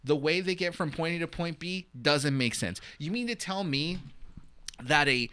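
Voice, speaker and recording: A man's voice: on the high side, lively intonation, normal speed, bright, forceful tone, clean tone. A young man co-hosting a podcast, chatting casually and eagerly about a movie and acting out lines from its scenes. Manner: enthusiastic, acts out quotes from scenes. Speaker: podcast co-host. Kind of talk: casual movie review chat.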